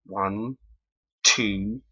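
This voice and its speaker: A man giving casual game commentary and reading lines, with a wry, deadpan manner. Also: lowish voice, very slow, husky. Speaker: let's play host. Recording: dull lo-fi recording.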